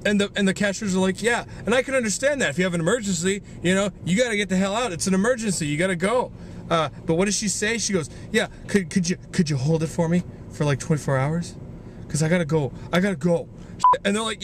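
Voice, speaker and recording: High-voiced man ranting angrily in his car. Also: lively intonation, fairly quick, fairly bright tone, slight background noise. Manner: angry ranting with swearing. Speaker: vlogger. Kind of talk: ranting vlog. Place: inside a car. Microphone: camera in his car.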